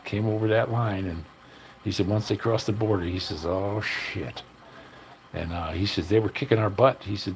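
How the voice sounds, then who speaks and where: Gravelly low-voiced man rambling on. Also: darkish tone, a little hiss or hum, poor audio. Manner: storytelling, loose and profane, folksy. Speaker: livestream host. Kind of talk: casual rambling chat to live viewers.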